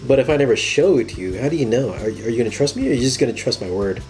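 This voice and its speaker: Joking guy reading out viewer questions, mid-pitch voice, faint music behind. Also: expressive, racing, a little mellow. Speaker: co-host reading audience questions. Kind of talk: casual chat.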